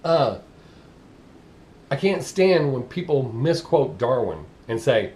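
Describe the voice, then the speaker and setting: A man's voice: medium pitch, sing-song, slow, long pauses, a little mellow. A man with a Southern US accent, ranting bluntly and profanely in a casual vlog monologue. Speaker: vlogger.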